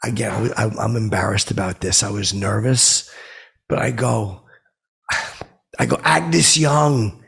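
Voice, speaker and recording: A man's voice: on the low side, fairly even intonation, a little slow, gravelly, pauses often, slightly rough. A man telling a comic story in a stammering, rambling way, like a podcast host. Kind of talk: comedic rambling monologue.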